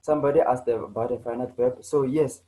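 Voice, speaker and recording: A man's voice: mid-range voice, steady tone, brisk, warm tone, low-quality recording. A man teaching an online grammar lesson, repeating himself and checking in with students as he goes. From South Africa. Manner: repetitive, restarts often, checks in with "right?" and "you know".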